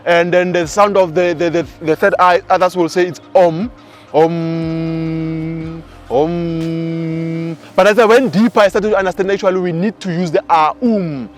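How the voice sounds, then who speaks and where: South african guy in his 20s, pretty high voice, telling stories all animated, soft music behind. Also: fast talker, few pauses. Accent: South African English. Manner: animated storyteller. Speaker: spiritual teacher. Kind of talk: casual spiritual teaching talk.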